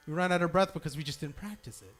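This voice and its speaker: Soft music plays behind a young man whose slightly high voice is fast and a bit bright. As the temple's singing leader, he's in the hall coaching the congregation through long sung notes, encouraging them while demonstrating.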